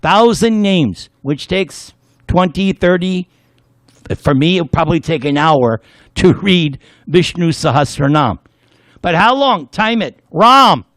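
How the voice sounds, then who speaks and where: Animated, slow-talking male lecturer. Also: fairly high pitch, dry recording, clean studio sound. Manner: playful, leads the audience in call-and-response chanting; storytelling with jokes. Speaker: spiritual lecturer. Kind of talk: devotional class lecture.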